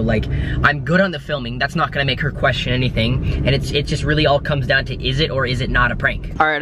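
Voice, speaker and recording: Young dude rambling excitedly into his camera, talks fast, says like a lot. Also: medium pitch, background noise. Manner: excited, rambling, many "like" fillers. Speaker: vlogger. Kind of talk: casual vlog to camera. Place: car, shops and holiday room.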